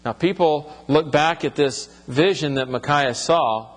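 A man's voice: a little high, a little slow, in a large hall. A man teaching from the Bible, reading passages aloud and then explaining them in plain, conversational words.

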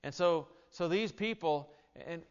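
A male pastor preaching a sermon, moving between quiet scripture reading and loud, emphatic exhortation. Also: a little high, unhurried, clean tone. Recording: echoey, slightly dull hall recording.

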